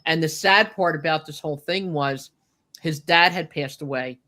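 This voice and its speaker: A woman telling a personal story with deep feeling, choked up, with lots of "you know" and "like". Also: normal speed, sharp tone. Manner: heartfelt, many fillers like "you know" and "like". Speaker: guest recalling a friend.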